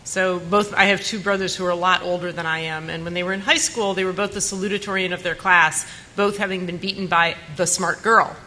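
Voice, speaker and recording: Woman in her 50s, bright voice, blunt, animated storytelling, faint room noise. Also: lowish voice, fairly quick, few pauses, poor audio. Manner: lively, blunt and animated anecdote-telling. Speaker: panelist. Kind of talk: storytelling on a conference panel. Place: conference panel room.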